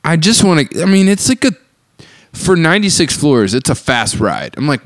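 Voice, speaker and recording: A man's voice: fairly high pitch, very animated, normal speed, no echo, studio quality. A young man on a podcast, telling an embarrassing memory in casual chat, sheepish and self-deprecating. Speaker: podcast co-host.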